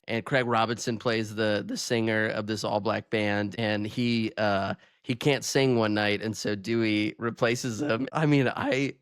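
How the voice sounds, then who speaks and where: A man's voice: medium pitch, a bit bright, smooth, dry recording, studio quality. Laughing man recapping a movie. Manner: laughs often, acts out quotes. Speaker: podcast co-host. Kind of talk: casual movie chat.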